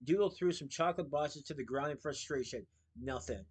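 A man reading a children's book aloud, steady with small slips and restarts. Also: a little high, brisk, slightly rough.

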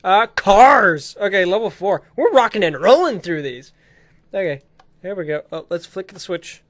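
A man's voice: high-pitched, normal speed. Giggly young man shrieking through gameplay. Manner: giggly, excitable, bursts into shrieks and laughter. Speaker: gaming video creator. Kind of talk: excited let's-play commentary.

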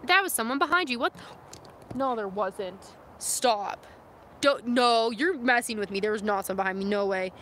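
A woman's voice: a little high, normal speed, a bit bright, a little hiss or hum. A young woman from California chatting casually on a livestream from inside her van, playful and talkative. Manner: chatty and playful, tries out mock accents. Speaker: vlogger and snowboarder. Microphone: phone camera.

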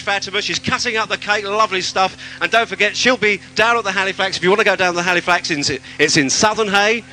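A man presenting a live outdoor radio broadcast, giving brisk and upbeat thanks and plugs. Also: high voice, pushed and bright, low-quality recording.

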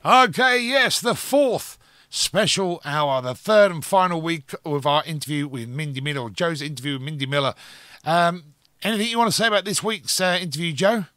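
A man's voice: on the high side, animated, fairly quick, fairly bright tone, dry recording, studio quality. A male radio host chatting eagerly and stumbling over his words. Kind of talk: radio show chat.

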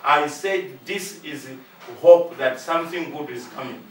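A man's voice: on the high side, unhurried, slight background noise. A man preaching a sermon as pastor, pressing his points with repetition and acting out short exchanges in different voices. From Zambia. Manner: preaching with emphatic repetition and acted-out dialogue. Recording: echoey room, voice from far off.

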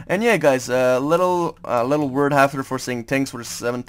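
A man's voice: medium pitch, fairly quick, clear, resonant tone. A young man from France with a French accent, giving casual, hesitant gaming commentary full of fillers. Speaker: gaming YouTuber.

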